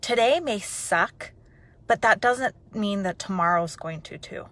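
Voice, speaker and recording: Bright-voiced woman telling a story. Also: mid-range voice, a little slow. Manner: animated, chatty, full of "like". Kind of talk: personal storytelling and motivational talk.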